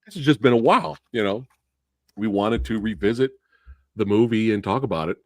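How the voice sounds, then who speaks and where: A man hosting a casual movie discussion show, excitable and laughing often as he talks. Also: fairly low pitch, fairly quick, no room sound. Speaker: podcast host.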